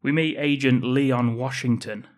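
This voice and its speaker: A man's voice: medium pitch, steady tone, unhurried. A man co-hosting a podcast, casually recapping a film's plot with dry, sweary remarks. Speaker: podcast co-host. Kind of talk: casual film-review chat.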